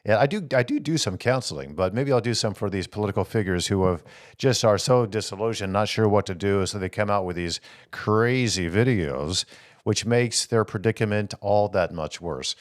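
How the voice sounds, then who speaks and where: A man with a fairly low voice hosts a political talk show. He talks in an animated way, throws out rhetorical questions and reads viewer comments aloud before answering them. The sound is dry, with no room echo. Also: moderate pace. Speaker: host.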